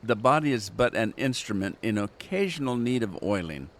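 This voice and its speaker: A man voicing a pompous, eccentric gentleman detective, reading game dialogue aloud in a grandiose, flowery manner. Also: fairly low pitch, sing-song, normal speed, slight background noise.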